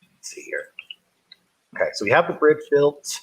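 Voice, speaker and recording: On a low-quality recording, a man with a highish, very animated voice and a breathy edge talks at a moderate pace while streaming a game. His casual live chat is friendly and rambling, full of self-corrections, and he greets viewers by name.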